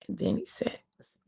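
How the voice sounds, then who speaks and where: A woman preacher tells a story from a sermon conversationally, drawing out her phrasing and adding quiet emphasis.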